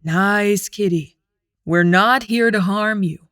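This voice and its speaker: A steady, protective young man speaks with quiet, soothing calm, as a woman narrator puts him on. The voice sits mid-range and sounds dry and close, with no room around it. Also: mid-range voice, a little slow, clear, resonant tone, no room sound, lightly acted.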